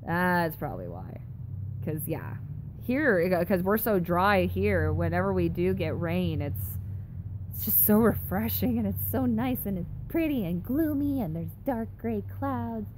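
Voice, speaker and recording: A woman's voice: fairly low pitch, animated, unhurried, noisy background. A young woman chatting casually on a live stream, reading comments aloud and reacting with giggly, exaggerated disgust. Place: home in a dry desert city.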